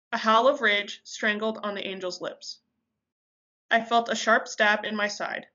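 A woman reading a dramatic story aloud with intensity, pausing now and then to correct herself. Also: mid-range voice, steady tone, sharp tone, lo-fi sound. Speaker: reader. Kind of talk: amateur audiobook reading.

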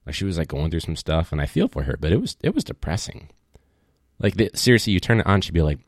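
A man's voice: deep voice, big pitch swings, fast talker, dry recording, clean studio sound. A man who teaches at a public school, talking casually and rambling through a story with plenty of asides. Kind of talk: casual monologue.

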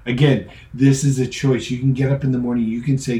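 A middle-aged man preaching with a mellow, warm tone. He talks in a relaxed, joking way and acts out the voices in his stories. The room around him is echoey. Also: medium pitch, moderate pace. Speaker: pastor. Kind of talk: sermon.

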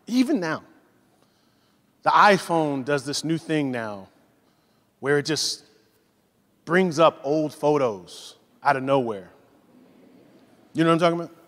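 A man in his forties preaching a sermon, telling stories in a lively way and acting out the voices of the people in them. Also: medium pitch. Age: 40s. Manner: animated storytelling, acts out voices. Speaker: pastor. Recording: long hall reverb.

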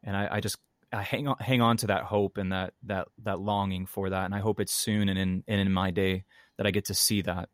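A man's voice: low-pitched, flat delivery, brisk, no echo. A man co-hosting a podcast as a pastor, speaking in an earnest, reflective way with some dry humor. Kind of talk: casual podcast conversation.

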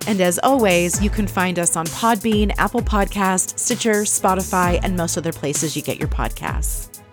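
Opinionated woman podcast host, slightly low voice. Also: normal speed, soft background music. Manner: candid, opinionated, swears for emphasis. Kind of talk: recapping a reality show episode.

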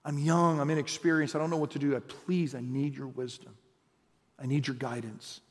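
A man acting out a humble young king who earnestly pleads for wisdom, speaking soft and lowered. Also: flat delivery, normal speed, long reverb tail, natural voice. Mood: humble pleading.

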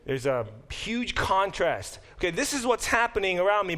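A man teaching a Bible class as a professor, talking in an animated, self-deprecating way in a classroom, often restarting and adding asides. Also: sits high, moderate pace. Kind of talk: classroom lecture.

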